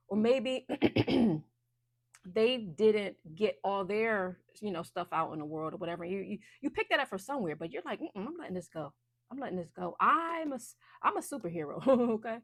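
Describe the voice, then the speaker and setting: A woman's voice: mid-range voice, gravelly, no room sound, clean studio sound. A woman giving a casual, chatty intuitive card reading, loose and full of fillers. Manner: chatty, loose, many fillers and restarts, laughs often.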